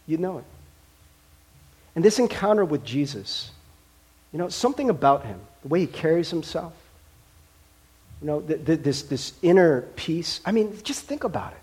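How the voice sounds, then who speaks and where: A male pastor preaching a sermon in a conversational, animated way, with frequent laughs and fillers. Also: fairly high pitch, moderate pace, pauses often, breathy edge.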